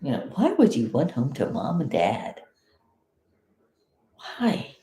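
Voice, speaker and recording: A woman's voice: rumbling low, wildly swooping pitch, slow pace, pauses often, dark tone, roomy sound. A woman from South Florida giving blunt, indignant live commentary as a vlogger, swearing freely.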